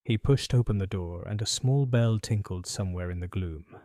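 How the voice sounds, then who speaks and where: A man narrating an audiobook mystery in an atmospheric, even storytelling manner. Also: fairly low pitch, moderate pace, dry recording, clean studio sound. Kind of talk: scripted narration.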